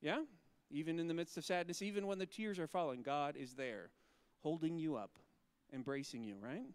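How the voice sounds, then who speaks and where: A male pastor talking gently with children and asking them questions, then reading scripture slowly and solemnly. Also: on the high side, clean tone, dry recording.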